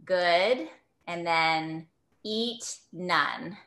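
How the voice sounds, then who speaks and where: A woman on a video call calmly explaining a greeting step by step to the group. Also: on the low side, very slow. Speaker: congregant.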